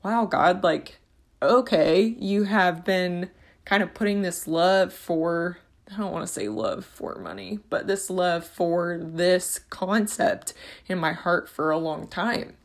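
A woman's voice: on the low side, fairly even intonation, slow. A woman hosting a casual faith-and-money monologue, talking in an earnest, rambling, passionate way.

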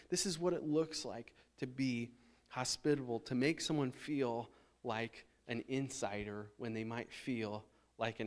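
Man, thirties, pastor giving a relaxed, chatty sermon in church, slightly higher voice. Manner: conversational preaching with frequent restarts and fillers. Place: church sanctuary.

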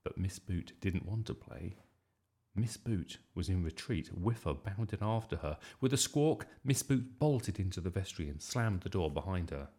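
A man reading a children's story aloud in a lively, expressive way. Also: low-pitched, a little slow. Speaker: storybook reader.

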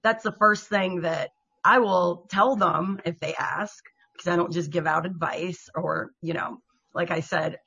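A woman's voice: lowish voice, fairly even intonation, unhurried, bright, forceful tone, husky. A woman co-hosting a podcast who chats casually and explains earnestly. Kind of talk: casual chat.

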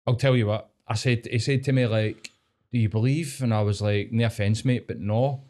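A young Scottish man, a podcast co-host, telling a story in sweary, lively casual chat. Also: on the low side, normal speed. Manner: sweary, storytelling, animated impressions.

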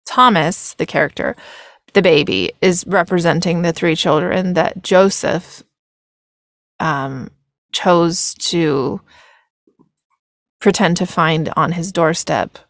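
Dry, slow-talking woman reacting to films. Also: on the low side, no echo. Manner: rambling, laughing, self-correcting. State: tired. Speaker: reaction video host. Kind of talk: casual film commentary.

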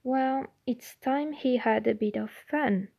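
A woman's voice: sits high, slow, creaky, mellow, exaggerated voice. A woman reading the lines of a curious, polite teenage boy wizard in a plain, questioning tone.

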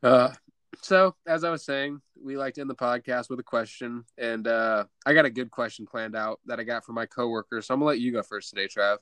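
A man's voice: mid-range voice, brisk, a bit bright, clean tone, no echo. Podcast host, man in his twenties, teasing and mock-outraged, dry close mic. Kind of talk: casual banter.

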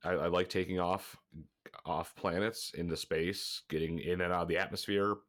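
A man's voice: low voice, steady tone, normal speed, a bit bright. A man co-hosting a gaming podcast, chatting casually and a little congested, rambling and swearing as he talks. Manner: rambling, swears freely, laughs often. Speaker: podcast co-host.

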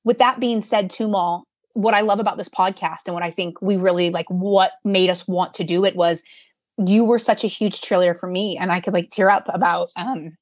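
On a casual podcast, a female co-host chats in an effusive, heartfelt manner, often restarting her sentences. Her fairly low voice keeps a fairly even intonation at a moderate pace, captured in a dry, studio-quality recording.

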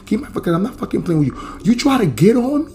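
A man's voice: high-pitched, big pitch swings, rapid-fire, soft background music, pitched above the performer's own voice. A man doing a furious screaming woman. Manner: shouting, cursing, aggressive. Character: furious woman yelling for her money.

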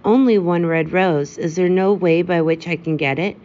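A woman's voice: on the low side, moderate pace, darkish tone, lightly acted. A woman voicing a devoted female nightingale in a storybook reading, speaking in an earnest, lyrical way. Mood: pleading. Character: devoted female nightingale, tender and self-sacrificing. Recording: dull lo-fi with faint hiss.

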